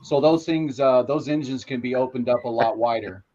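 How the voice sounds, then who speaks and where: A man hosts a relaxed hangout from his home train room and talks his viewers through each move, stopping and restarting his sentences. His voice sits at an ordinary middle pitch. The sound is dull and lo-fi. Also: normal speed. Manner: explains step by step with restarts. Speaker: host. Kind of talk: casual chat.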